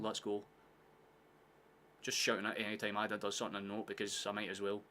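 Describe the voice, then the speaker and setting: A Scottish man streams a live football watchalong and mixes casual, sweary chat with bursts of excited commentary. His voice sits on the low side but comes across forceful and bright. A faint hum of ambience runs under everything. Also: fast talker. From Scotland, near Glasgow. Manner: chatty, sweary, breaks into excited shouts at chances.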